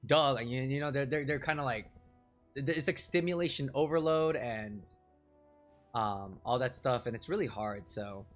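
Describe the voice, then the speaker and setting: On a live stream, a man with a mid-range, slightly bright voice tells a rambling, self-deprecating story packed with fillers, chuckling often between phrases while faint music plays behind him.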